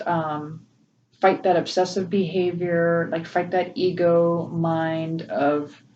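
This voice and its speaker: Emotional woman tarot reader, distant mic. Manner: gentle, emotional, laughs often. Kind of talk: casual spiritual tarot reading. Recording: distant, dull low-fi mic with faint noise.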